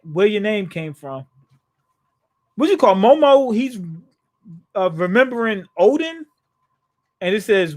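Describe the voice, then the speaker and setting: A man with a fairly high voice hosts a live comic reaction. He reads scenes aloud and retells them in loose, slangy talk. He restarts his sentences a lot and laughs them off. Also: big pitch swings, unhurried, long pauses. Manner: casual, slangy, paraphrases scenes in his own words; frequent restarts and chuckles. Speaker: manga reaction host.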